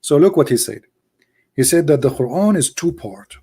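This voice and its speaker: Hoarse, mocking male debate host. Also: fairly high pitch, expressive, moderate pace, warm tone. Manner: mocking, combative, repeats phrases for emphasis. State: losing his voice, coughing. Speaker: host of a live call-in debate stream. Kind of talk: live call-in debate, addressing callers and viewers.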